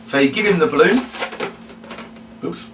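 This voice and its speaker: At a normal speed and with a somewhat high voice, this man walks learners through a puppet routine, explaining things chattily and going back over his reminders again and again. The audio is roomy and distant, with a noisy background.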